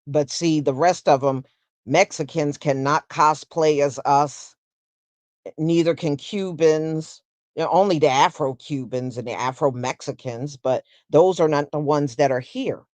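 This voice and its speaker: A woman hosting a casual solo livestream, talking in an unhurried, conversational way and answering viewers with "mm-hmm" and "yeah". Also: low voice, darkish tone, no room sound. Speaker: host.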